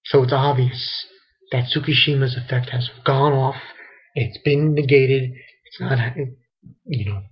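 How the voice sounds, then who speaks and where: A man giving a casual, halting spoken review of a comic chapter, often restarting his sentences. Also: medium pitch, fairly even intonation, lo-fi sound. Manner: rambling, halting commentary with restarts. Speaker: manga reviewer.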